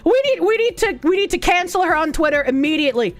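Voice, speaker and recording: A woman's voice: extremely high pitch, expressive, fast. A young woman with a Boston accent, streaming and reacting to videos with crude, sarcastic, rambling commentary.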